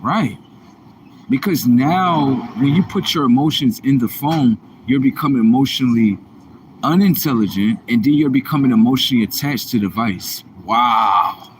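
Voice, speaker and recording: A man's voice: mid-range voice, normal speed, slight background noise. A man hosting a live stream, talking to himself in a rambling, repetitive way with casual slang. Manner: animated, repetitive self-talk with slang. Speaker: livestream host.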